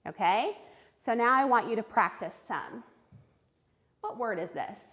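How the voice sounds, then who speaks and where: A woman teaching a recorded phonics lesson to young children, sounding out words clearly and praising answers. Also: on the high side, animated, unhurried, a bit bright. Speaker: third grade reading teacher.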